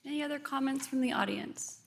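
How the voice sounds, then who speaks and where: A woman runs a city council meeting, calling for comments and moving the votes along in brisk, formal procedural wording. Her voice sits a little higher than most. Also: vocal fry. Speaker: meeting chair.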